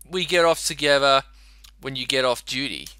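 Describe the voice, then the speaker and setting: A man's voice: medium pitch, moderate pace, sharp tone, clean tone, no echo, natural voice. A man voicing a sleazy middle-aged male pickup artist who trades in corny come-on lines. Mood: smarmy.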